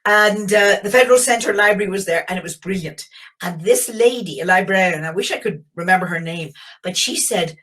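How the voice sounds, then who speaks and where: A woman's voice: mid-range voice, a little fast, fairly bright tone. Northern Irish woman telling her story. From Belfast, Northern Ireland. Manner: reflective, enthusiastic, with many fillers and restarts. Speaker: geologist giving a guest talk. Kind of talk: webinar storytelling presentation. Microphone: video call.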